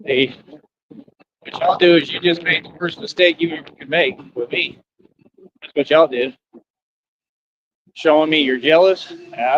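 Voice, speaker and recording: A man's voice: fairly high pitch, fairly bright tone, dull audio, a little hiss or hum. A man ranting boastfully and scornfully on a live stream.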